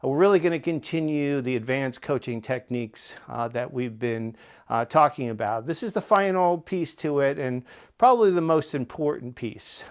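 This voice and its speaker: A middle-aged man, a podcast host and workplace coach, tells stories in an emphatic, animated way, full of fillers and tag questions. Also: medium pitch, normal speed. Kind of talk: podcast intro and recorded workshop talk.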